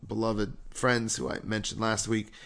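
A man, a rabbi, telling a story in a lively, conversational sermon. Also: fairly low pitch, measured pace, creaky.

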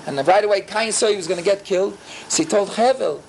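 A man teaching a Torah class, telling stories with animated swings in pitch and many rhetorical questions. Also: quick pace, gravelly, slight background noise.

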